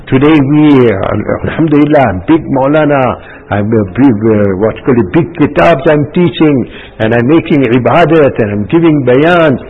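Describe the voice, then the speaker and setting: A man giving a religious talk as a preacher, halting often with fillers and restarts. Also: a little high, breathy edge. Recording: tinny phone-like radio audio.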